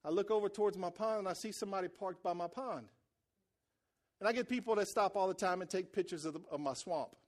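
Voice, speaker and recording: High-voiced preacher man. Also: quick pace. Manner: folksy storytelling, voices quoted people. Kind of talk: sermon with personal story.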